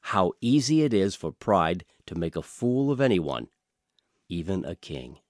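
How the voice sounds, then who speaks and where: A man reading a storybook aloud in a radio studio, slow and expressive. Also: low voice, no echo. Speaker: audiobook reader.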